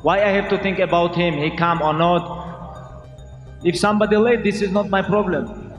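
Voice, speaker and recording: A fighter answering questions in earnest, non-native English with loose grammar. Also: male voice, sits high, steady tone, normal speed, lo-fi sound, soft background music. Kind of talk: interview answers.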